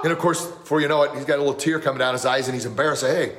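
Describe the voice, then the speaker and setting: A man who runs a martial arts academy gives a motivational talk on a live stream. His voice sits at a middle pitch, and he tells stories with a lot of drive, acting out the scenes and shouting when the moment peaks. He breaks off now and then to thank viewers for their comments. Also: racing, few pauses, a little hiss or hum. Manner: animated storytelling, gets loud and excited acting out scenes. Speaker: martial arts instructor and podcast host.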